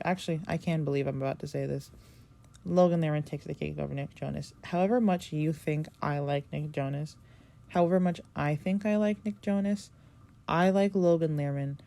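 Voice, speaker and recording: A woman's voice: low-pitched, gravelly, warm tone. A young adult woman hosting a podcast, talking in a rambling, gushing way with lots of filler words. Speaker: podcast host. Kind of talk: casual solo podcast review.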